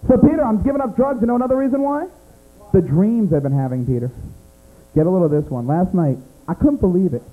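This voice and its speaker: A man's voice: high-pitched, lively intonation, fast, narrow, tinny audio. An American man doing stand-up comedy in a small club, teasing audience members by name in a brash way. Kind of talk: stand-up comedy set with crowd work.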